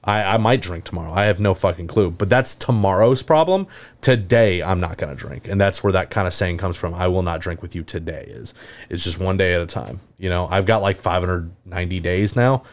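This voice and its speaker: A man's voice: sits low, brisk. A man hosting a casual podcast chat, talking candidly and plainly, often restarting his sentences and swearing now and then. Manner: candid, talks of his own sobriety with frequent restarts and swearing. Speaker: podcast host.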